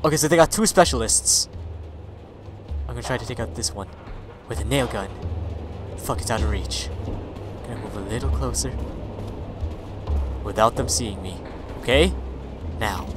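High, excitable swearing gamer man. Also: normal speed, long pauses, music in the background. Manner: excitable, swears a lot, yells at his companion. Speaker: gaming video creator. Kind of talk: let's play commentary.

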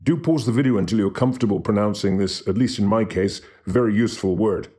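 A man giving a scripted language lesson who slowly and carefully demonstrates how to pronounce each word. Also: lowish voice, dark tone. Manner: slow, careful demonstration of pronunciation. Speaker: language teacher.

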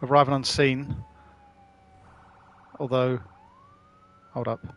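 A man streams a driving game, trading jokes with friends and swearing freely in a chatty, casual commentary. His voice sits at a medium pitch, with a flat delivery and a slow pace.

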